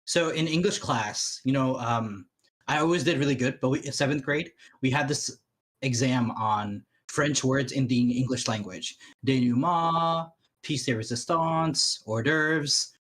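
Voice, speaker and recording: A man with a husky, breathy voice chats on a watch-along voice call. He rambles through anecdotes, restarting his sentences and breaking into laughter. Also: mid-range voice, moderate pace. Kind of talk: casual watch-along chat. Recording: voice chat call.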